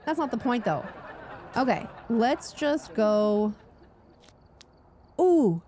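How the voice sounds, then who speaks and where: A young woman streaming a game, gushing with breathless excitement, gasping and squealing as she tours new menus. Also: medium pitch. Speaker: gaming streamer. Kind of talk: excited gameplay commentary.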